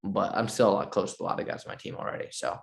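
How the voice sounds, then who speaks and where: Fast-talking gravelly American man. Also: on the low side, steady tone. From United States. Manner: rambling, filler-heavy talk. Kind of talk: casual chat.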